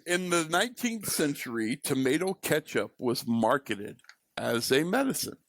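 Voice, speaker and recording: A man's voice: on the high side, very animated, dry recording. A man co-hosting a podcast, delivering fun facts in casual banter. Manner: slow, deliberate delivery of facts. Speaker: podcast co-host.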